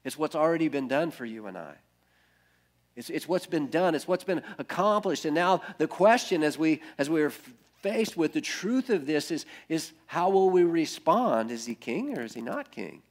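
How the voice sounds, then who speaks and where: A male pastor preaching an earnest sermon that builds through repeated phrases and often drops to a hush. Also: on the high side, expressive, normal speed.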